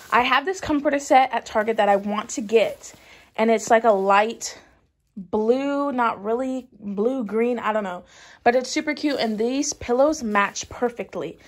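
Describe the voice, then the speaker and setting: A young woman in her twenties chats brightly to her camera at home, full of gushing asides and filler words. Her voice sits a little high, with a husky edge and a gravelly fry at the ends of phrases. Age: 20s. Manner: bubbly, chatty, says "literally" and "like" a lot. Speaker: vlogger. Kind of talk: casual chat.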